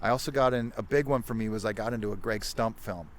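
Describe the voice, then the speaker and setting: A man's voice: fairly low pitch, fast, slight background noise. A man in his fifties, a podcast guest telling loose, rambling stories and correcting himself as he goes. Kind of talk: casual storytelling chat.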